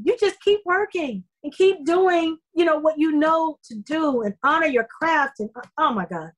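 A middle-aged woman, a soap opera actress, telling stories in a casual interview, effusive and animated with many fillers. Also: high voice, moderate pace, hardly any pauses, low-quality recording.

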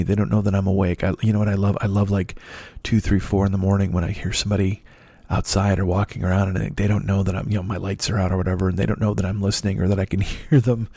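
A man's voice: deep voice, little pitch movement, fast talker, creaky, mellow, breathy edge, dry recording. Rambling, profane man telling stories. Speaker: podcast host. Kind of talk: solo monologue. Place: dark apartment.

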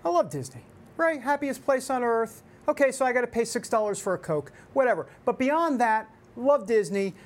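A man with a New York accent from the Upper West Side, hosting a political talk show in a chatty, emphatic way with animated asides. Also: very high voice, fairly quick.

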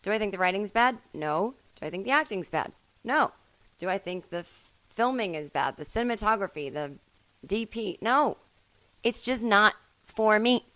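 A woman hosting a solo comedy podcast from home, rambling and self-mocking, with sudden loud bursts. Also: mid-range voice, no echo, poor audio. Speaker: podcast host.

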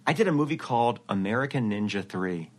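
A man's voice: medium pitch, fast. A man, a voice actor, chatting in an interview and acting out quotes as he tells stories. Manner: animated storyteller who acts out quotes. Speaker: voice actor guest. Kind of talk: casual interview chat.

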